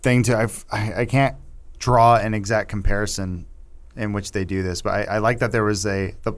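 A man's voice: lowish voice, fairly even intonation, normal speed. A man co-hosting a movie podcast, talking casually and joking about scenes, laughing at his own lines. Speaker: podcast co-host.

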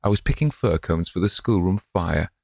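A man with a low, husky voice voicing a prim, fussy elderly wife who scolds gently. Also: animated, normal speed, dry recording, clean studio sound, full character voice. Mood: indignant.

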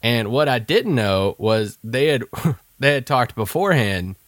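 A man's voice: mid-range voice, expressive, unhurried, a bit bright, dry recording. Rambling man co-hosting a podcast. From Kentucky. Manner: rambling storyteller, lots of fillers and restarts. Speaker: podcast co-host. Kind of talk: casual sports podcast chat.

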